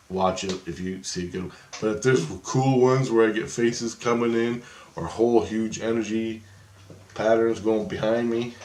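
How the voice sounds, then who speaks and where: A man vlogging in a casual, rambling monologue, swearing freely and repeating phrases as he acts out what he said. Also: on the low side. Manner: profane, repeats phrases, acts out his own quotes. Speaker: paranormal vlogger. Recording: echoey room with faint ambience.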